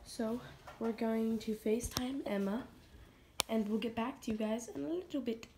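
A woman talks into her phone for a casual vlog, rambling from one thought to the next with plenty of fillers. Her voice sits a bit high, and the sound carries a faint hiss of background noise. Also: moderate pace. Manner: rambling, chatty, full of fillers. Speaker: vlogger. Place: outdoors on a porch at night. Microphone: phone camera.

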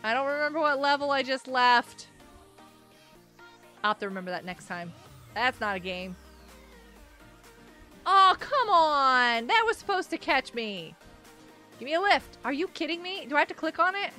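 A woman streaming a game live, chatting and giggling as she greets her viewers. Her voice is high and bouncy, with a wide, animated swing. Faint music plays behind her. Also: a little fast, long pauses.

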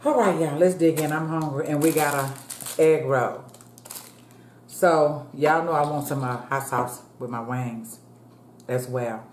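Food vlogger, woman in her fifties, deep unhurried voice, talks straight to the viewers in an echoey room. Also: darkish tone, slight background noise. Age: 50s. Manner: chatty, calls the viewers "y'all", prays aloud. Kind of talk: casual eating chat to viewers.

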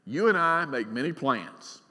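A man's voice: medium pitch, lively intonation, measured pace. Emphatic middle-aged male pastor preaching. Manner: emphatic, swings from loud to quiet, asks the congregation questions. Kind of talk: sermon. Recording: long reverb of a large church hall.

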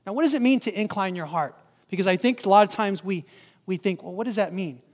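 A man preaching with a high, bright voice that carries through a reverberant church hall. He keeps turning to the congregation with questions and calls for their answers, then reads scripture aloud. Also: fast talker. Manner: engaging, asks the congregation questions. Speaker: guest pastor. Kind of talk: sermon. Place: church sanctuary.

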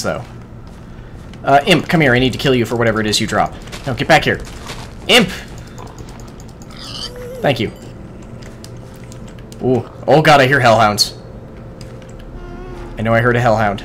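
Excitable swearing man narrating his gameplay. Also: mid-range voice, moderate pace, long pauses, a little hiss or hum. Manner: excitable, swears often, talks to the game's creatures. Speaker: gaming video host. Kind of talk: casual let's-play commentary.

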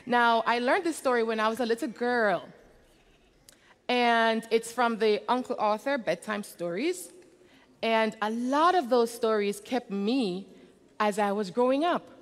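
A woman telling a story to children during a church service, animated and often quizzing the kids. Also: a little high. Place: church sanctuary. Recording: reverberant church hall.

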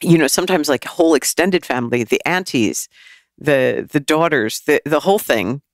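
A woman in her sixties, a teacher and author talking as a podcast guest in an animated, casual way. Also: deep voice, moderate pace, no echo, clean studio sound. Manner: animated, acts out quoted voices and laughs often.

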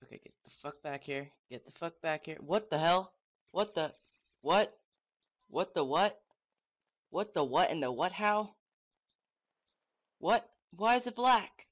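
A young man commenting on his own game play, excitable and swearing often, talking to the game. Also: on the high side, measured pace, pauses often. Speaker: gamer.

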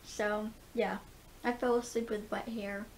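A woman chatting casually to camera at home, lisping as she gets used to new dentures, with a relaxed rambling manner full of fillers. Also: medium pitch, unhurried, slight background noise. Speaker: vlogger. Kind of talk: casual vlog chat. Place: at home, indoors.

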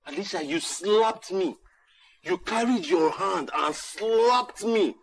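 A man's voice: a little high, wildly swooping pitch, a little slow, a little hiss or hum, exaggerated voice. An actor playing an indignant older brother who reproaches his sister-in-law.

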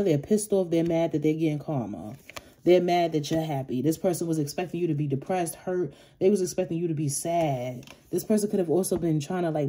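A woman's voice: low-pitched, warm tone, a little hiss or hum. A woman giving a casual, chatty tarot reading to camera, cursing freely and breaking into sassy outbursts. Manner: chatty, profane, street slang, rising to sassy outbursts. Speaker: tarot reader.

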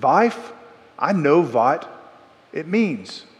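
A preacher putting on a puzzled European immigrant husband. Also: male voice, on the high side, takes it slowly, big-room sound.

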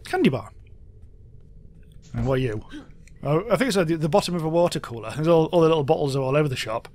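A young gaming YouTuber narrates his video game play in a chatty, wry let's-play manner, exclaiming whenever something catches his eye. His slightly high voice, with a darkish tone, swings widely in pitch with lively intonation, and he talks fast. He seems to be sitting close to a desk mic.

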